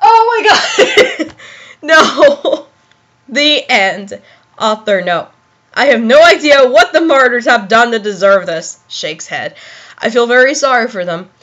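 A woman's voice: fairly high pitch, expressive, a little slow, fairly bright tone, muffled recording. A young woman giving a comic dramatic reading of a fan story, giggling and exclaiming as she goes. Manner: giggly, exclaiming, self-interrupting. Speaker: reader of fan fiction.

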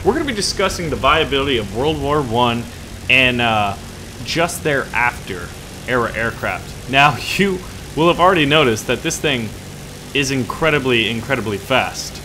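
A man's voice: mid-range voice, animated, normal speed, background noise. Upbeat man on a gaming channel. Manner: upbeat and joking. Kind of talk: flight game commentary.

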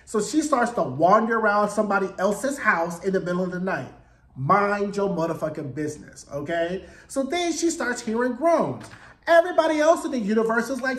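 Sassy high-voiced man recapping TV. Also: lively intonation, moderate pace, fairly bright tone, roomy sound. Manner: sassy, profane, acts out quotes in voices. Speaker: TV episode recapper. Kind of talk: casual TV recap commentary.

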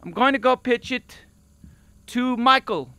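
An actor playing an excitable male game designer who speaks broken English, talking loudly and high-strung. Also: unhurried, smooth, no room sound, exaggerated voice. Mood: eager. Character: excitable man designer pitching a silly game. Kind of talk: video game voice acting.

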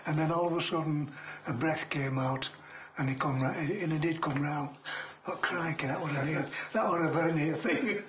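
An older man, a retired coal miner, telling a story in casual conversation, lively and full of restarts. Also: on the high side, moderate pace, a little hiss or hum.

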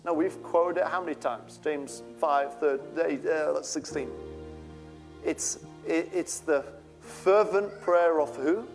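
A man's voice: fairly high pitch, takes it slowly, faint music behind. A male pastor preaching a sermon with fervent, rising outbursts.

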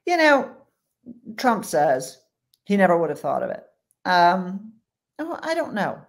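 A woman's voice: lowish voice, very animated, unhurried. Blunt, emphatic woman commentator. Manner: blunt and emphatic, with colloquial put-downs. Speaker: foreign policy commentator, guest. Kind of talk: conversational interview answers.

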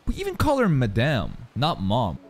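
A man commenting casually on an anime as a reaction streamer, excitable and profane, often laughing. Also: mid-range voice, moderate pace. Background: anime soundtrack music.

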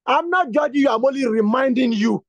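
A man's voice: very high voice, fairly quick, no echo. A man leading a prayer session, preaching and praying in an insistent, repetitive way that builds to fervent bursts. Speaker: prayer leader. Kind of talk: exhortation and spoken prayer.

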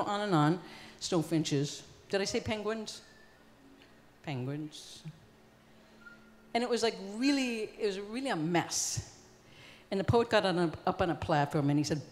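A woman's voice: deep voice, a little mellow, a little hiss or hum. A woman in her sixties, a performance artist, telling an old story live on stage in a casual, conversational way with lots of "you know" and "like.". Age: 60s. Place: concert hall stage. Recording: long concert-hall reverb.

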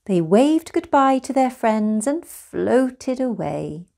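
A woman reading a children's picture book aloud, slow, gentle and expressive. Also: on the high side, vocal fry. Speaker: storyteller.

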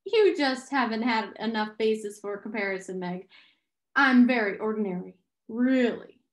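A woman reading aloud and voicing a calm, modest mother who speaks gently, in an echoey room. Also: on the high side, moderate pace, natural voice. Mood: gentle.

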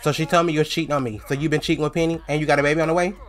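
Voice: medium pitch, steady tone, very fast, faint music behind, voice pushed up, natural voice. A man voicing a jealous young woman in a life-sim story, talking back to a rival with sassy slang. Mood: furious.

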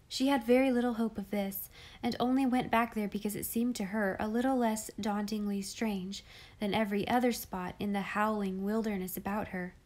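A woman's voice: mid-range voice, steady tone, moderate pace, a little mellow. Woman reading a classic children's novel aloud. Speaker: audiobook reader. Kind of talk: storybook narration.

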